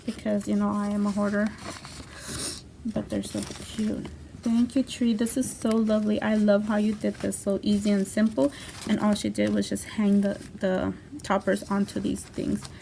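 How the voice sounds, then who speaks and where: A woman's voice: mid-range voice, flat delivery, normal speed, gravelly, mellow, a little hiss or hum. A woman hosting a craft channel, chatting casually as she unboxes a package, gushing and effusive, with frequent "you know" fillers.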